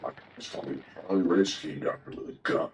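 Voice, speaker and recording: A man's voice: deep voice, very animated, fairly quick, low-quality recording. An older man telling rambling, profane stories in a casual interview. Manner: profane, rambling yarn-spinner. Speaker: guest telling old stories. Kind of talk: casual storytelling.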